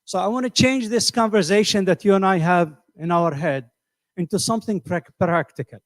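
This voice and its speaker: A man's voice: high voice, moderate pace, dry recording. A middle-aged man teaching a class, asking his students questions and often repeating words as he thinks. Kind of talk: classroom lecture.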